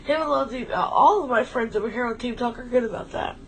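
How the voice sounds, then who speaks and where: A woman's voice: fairly high pitch, quick pace, a little hiss or hum, poor audio. A woman talking in a casual, heartfelt way on a stream, emotional and rambling as she thanks a friend. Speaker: livestream co-host.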